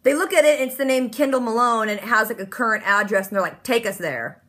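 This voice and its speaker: Bright, bubbly woman recapping a TV show. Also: a little high, fast talker. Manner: animated, bubbly, constant "like" quoting. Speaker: TV episode recap host. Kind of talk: casual reaction recap.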